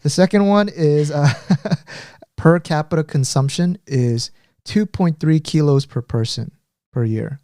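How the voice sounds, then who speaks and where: A man from Korea co-hosting a podcast, talking in a relaxed, teasing way and often trailing off mid-sentence. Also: on the high side, a little slow, no room sound, studio quality. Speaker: podcast co-host. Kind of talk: casual chat.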